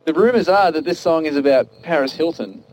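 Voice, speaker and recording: A man's voice: a little high, a little fast, a little mellow, rough recording. A man in a casual music review chat, easygoing.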